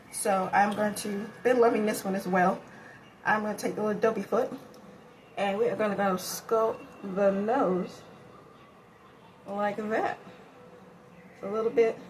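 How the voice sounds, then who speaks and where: Breathing heavily and clearly tired, a beauty vlogger talks casually to herself while doing her makeup at home in a tutorial-style chat. Her voice is a bit high, and the poor recording has some slight hiss or hum.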